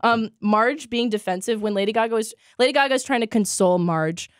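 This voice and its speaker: A woman's voice: a little high, fairly quick, smooth, no room sound, studio quality. A young woman co-hosting a casual podcast, chatting and giggling as she recaps jokes. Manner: giggly, quotes lines in put-on voices. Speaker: podcast co-host. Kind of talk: casual chat.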